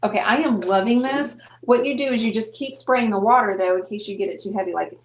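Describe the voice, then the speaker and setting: A woman with a medium-pitched voice talks quickly while hosting a live painting show, chatting playfully and explaining each step as she works. The casual chat is recorded in an echoey room.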